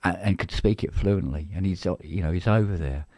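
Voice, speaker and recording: A middle-aged man with a very low, deep voice talks loosely on a live stream, circling back on himself with false starts and coughs. The sound is dry and close, with no room around it. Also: fairly quick, darkish tone, no room sound. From England. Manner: rambling, full of restarts and coughs. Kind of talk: casual chat.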